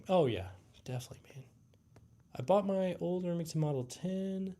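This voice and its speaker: A tired man from the United States hosting a casual live Q&A stream, talking in a laid-back, halting way with many fillers and restarts. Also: high voice, warm tone. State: tired, yawning. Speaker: livestream host.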